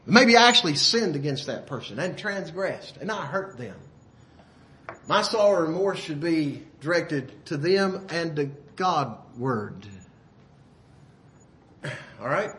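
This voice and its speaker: High, bright-voiced male preacher. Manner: folksy, asks listeners rhetorical questions; often clears throat. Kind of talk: sermon.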